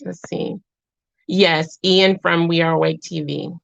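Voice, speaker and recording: A woman hosts a livestream, speaking to her viewers in a rambling, heartfelt, emotional way and often restarting her sentences. Her voice is lowish and creaky, with little pitch movement and a measured pace. The stream audio is dull and lo-fi.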